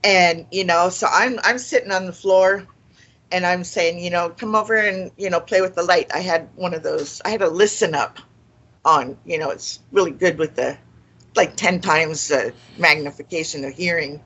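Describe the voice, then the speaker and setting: A woman's voice: lowish voice, normal speed, fairly bright tone, breathy edge, rough recording. A woman paranormal investigator chatting enthusiastically about her investigations. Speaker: paranormal investigator, show guest. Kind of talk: casual storytelling.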